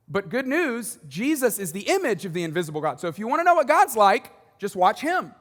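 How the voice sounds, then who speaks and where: A pastor with a high voice preaches a sermon in a lively, conversational style, dropping in quick jokes and asides. The long reverb of a large church auditorium surrounds his voice.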